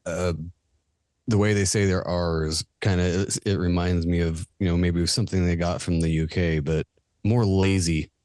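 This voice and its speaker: A man's voice: sits low, steady tone, moderate pace, darkish tone, no echo, clean studio sound. An American man chatting casually as a co-host, joking and self-deprecating. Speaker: guest co-host. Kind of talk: casual chat.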